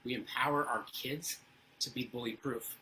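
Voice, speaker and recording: A man's voice: mid-range voice, fairly even intonation, normal speed, sharp tone, a little hiss or hum, low-quality recording. A man telling personal stories as an interview guest, earnest and fond of rhetorical questions. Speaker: guest speaker on parenting. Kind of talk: casual storytelling interview.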